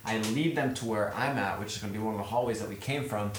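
A man's voice: on the low side, fast talker. A man playing a tabletop game, rambling through a plan with lots of fillers. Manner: rambling, excited planning with many fillers. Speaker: player. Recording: echoey room, faint noise.

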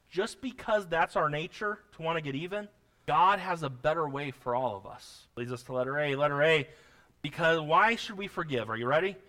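High-voiced, bright-toned preacher man. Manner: preaching with rising, forceful emphasis and quoting scripture. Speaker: pastor. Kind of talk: sermon.

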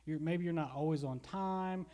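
A man's voice: on the high side, normal speed, dark tone. A pastor giving a casual, conversational sermon, rambling a little and repeating words as he goes. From Kentucky. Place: church.

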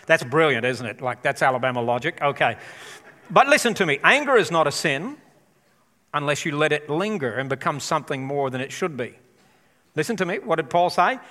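Bright, lively pastor in a big hall. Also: male voice, fairly high pitch. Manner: enthusiastic, chatty, rallies the congregation. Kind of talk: live church sermon. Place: large church auditorium. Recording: long hall reverb.

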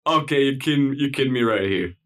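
A man's voice: medium pitch, fast, a bit bright, slight background noise. A man co-hosting a podcast in casual chat, teasing and bantering with his friends. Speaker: podcast co-host.

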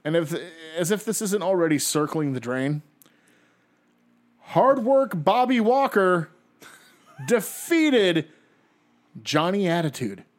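Male podcast co-host, slightly higher voice, lively casual recapper. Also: slow, pauses often. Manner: animated storyteller, laughs often, acts out quotes. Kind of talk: casual chat.

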